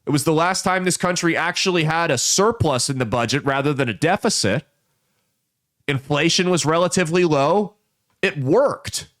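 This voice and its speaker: A man with a fairly high-pitched voice hosts an opinionated political commentary show. He tells folksy parables and slips into quick voices for the people in them. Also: fairly bright tone. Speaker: podcast host.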